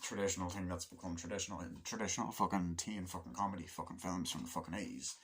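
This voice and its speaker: A young man giving a casual spoken film review, rambling, swearing often and acting out scenes in quick quoted voices. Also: deep voice, fairly even intonation, a bit bright. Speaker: movie reviewer.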